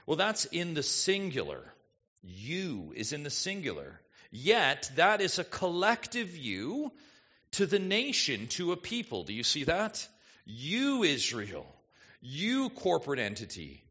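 A man preaching a sermon as a pastor, asking the congregation questions and swinging between quiet asides and emphatic lines. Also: on the high side, wildly swooping pitch, a little slow, breathy edge, lo-fi sound.

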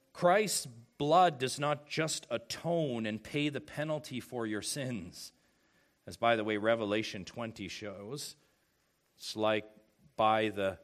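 Slow, emphatic preaching man. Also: on the low side. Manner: preaching with dramatic swings from hushed to shouted; slow, emphatic delivery with rhetorical questions. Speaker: pastor. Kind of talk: sermon.

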